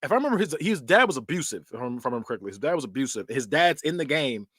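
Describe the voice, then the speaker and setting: A man's voice: medium pitch, very animated, very fast, fairly bright tone, breathy edge, dry recording, studio quality. A man hosting a podcast, casually recapping and ranking film scenes in loose, slangy storytelling. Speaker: podcast host.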